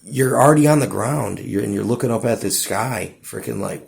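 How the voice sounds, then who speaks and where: A man's voice: medium pitch, normal speed, gravelly, hardly any pauses. A man rambling through a casual monologue, stumbling over his words and saying "dude" and "you know what I'm saying" again and again. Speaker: vlogger.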